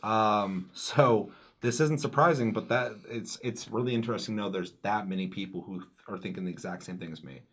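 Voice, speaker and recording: Husky-voiced man in casual gaming chat. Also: fairly low pitch, fairly quick. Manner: laughing, profane, excitable storytelling. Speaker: podcast co-host.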